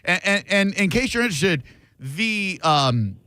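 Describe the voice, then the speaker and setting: A man hosts a call-in radio show, talking in casual banter. He teases and mocks with dry sarcasm. His voice sits slightly high and sounds close and dry in the studio. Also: big pitch swings, measured pace, bright, forceful tone, dry recording. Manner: sarcastic, playfully mock-indignant. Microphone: studio microphone.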